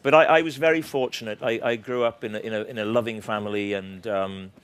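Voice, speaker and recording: A middle-aged Welsh man with a slight sore throat talks fast as a guest in a casual interview, his fairly low voice clean and fairly even in intonation. An author and comedian, he's playful and self-mocking, laughing often.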